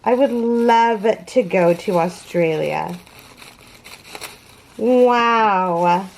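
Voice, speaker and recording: A woman's voice: medium pitch, extremely slow, gravelly, pauses often, slight background noise. A woman hosting a crochet unboxing vlog, gushing and awed, gasping and close to tears. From California. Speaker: crochet channel host.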